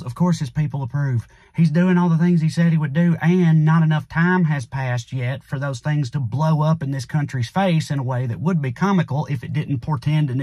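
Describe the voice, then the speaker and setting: A man's voice: medium pitch, a little mellow, no room sound. A man with a Southern US accent delivering a sarcastic satirical comedy monologue as a channel host, drawling with punchy asides.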